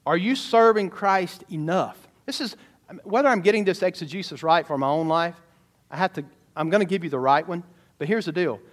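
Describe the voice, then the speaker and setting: Pastor, man, high-pitched and animated sermon delivery. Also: brisk. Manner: animated preaching, sudden shouts and asides to the congregation.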